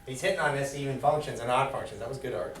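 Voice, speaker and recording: A man's voice: medium pitch, fast talker, a little hiss or hum. A man teaching a math class in a classroom, quizzing students with fill-in questions. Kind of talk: classroom lecture. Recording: echoey room, far from the mic.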